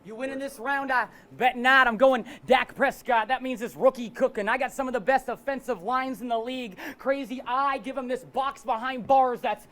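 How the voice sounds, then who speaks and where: A man's voice: very high-pitched, fairly even intonation, moderate pace, hardly any pauses, fairly bright tone. A man performing a live battle rap verse, boastful and confrontational toward his opponent. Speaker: battle rapper.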